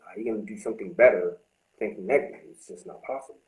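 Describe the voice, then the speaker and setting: A man's voice: fairly low pitch, fast, roomy sound, rough recording. A man talking candidly about his recovery from drinking, blunt and heavy with swearing. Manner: blunt, profane, confessional. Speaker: host.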